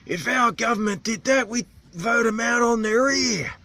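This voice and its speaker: A man imitating an animated older male islander, drawling and exasperated. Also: very high-pitched, moderate pace, slight background noise, voice pushed up, full character voice. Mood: indignant.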